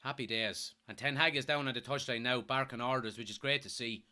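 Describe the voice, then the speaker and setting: A young man hosting a live fan watchalong, giving excitable, partisan commentary and reading out chat. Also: medium pitch, fairly quick. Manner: excitable, partisan, swears when thrilled.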